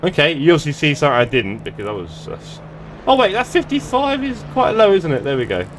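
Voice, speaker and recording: A man's voice: on the high side, very animated, quick pace, a little hiss or hum. A man chatting casually and joking at his own expense while live-streaming a sim race. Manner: chatty, joking, self-deprecating. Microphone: desktop streaming mic.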